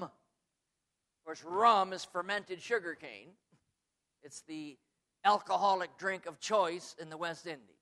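Delivering a sermon, this self-described American preacher moves from hushed asides to loud, high-pitched, stretched-out emphasis.

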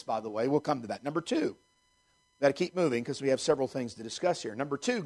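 A man preaching a sermon as pastor, emphatic and repeating key phrases, slowing down to stress scripture. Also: fairly high pitch.

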